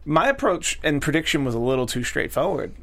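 A man's voice: a little high, sing-song, fairly quick, vocal fry, fairly bright tone. A man co-hosting a casual show recap, joking and laid-back, sometimes fumbling for names. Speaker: podcast co-host. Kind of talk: casual chat.

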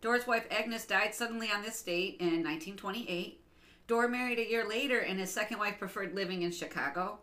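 A bright-voiced woman hosting a casual chat podcast. She rambles through her stories and laughs easily, with a loose, unscripted flow. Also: medium pitch. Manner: giggly, rambling, quick to laugh. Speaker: podcast co-host.

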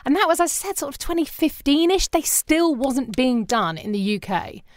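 A woman's voice: high-pitched, moderate pace, no room sound. A British woman, a podcast producer, chatting in an interview and acting out the people she quotes. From Britain. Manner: animated storyteller, acts out quoted people. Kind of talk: casual interview chat.

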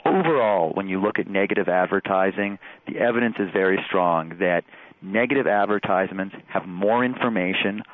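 A man calling in as a political analyst, talking in halting phrases that often repeat the same word. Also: low-pitched, slight background noise. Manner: halting, repeats words, dry humor. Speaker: political analyst guest on phone. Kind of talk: expert commentary. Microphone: telephone. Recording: tinny phone line.

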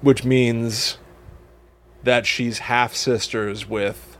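A man co-hosts a casual podcast, meeting his partner's story with dry, baffled disbelief. His voice sits at an ordinary middle pitch for a man. He reacts in easy, conversational asides. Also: steady tone, very slow, fairly bright tone. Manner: wry, incredulous reactions. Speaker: podcast co-host. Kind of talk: casual chat.

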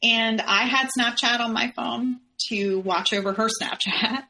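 Candid woman guest, bright and sharp-toned, retelling events and voicing the quoted lines. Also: on the high side, fairly even intonation, unhurried. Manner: candid, acts out quoted dialogue in her retelling. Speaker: podcast guest. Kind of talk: personal storytelling in an interview.

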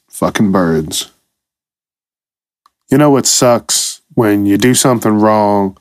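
A man's voice: fairly low pitch, a little mellow, no echo, studio quality. A man hosting a comedy podcast, delivering a profane, exasperated solo rant. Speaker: podcast host.

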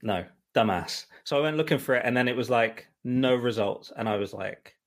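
A man's voice: medium pitch, normal speed. Rambling man co-hosting a podcast. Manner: rambling, exasperated storytelling with many fillers. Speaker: musical director and co-host. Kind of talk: casual chat.

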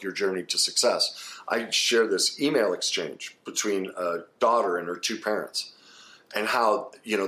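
Shifting from subdued passages to lively outbursts, this therapist and author gives a forceful, straight-talking self-help talk in a voice on the low side.

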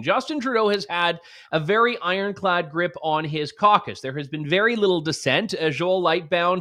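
A man's voice: fairly high pitch, a bit bright. A Canadian man giving sarcastic, jokey political commentary. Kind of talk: opinion commentary.

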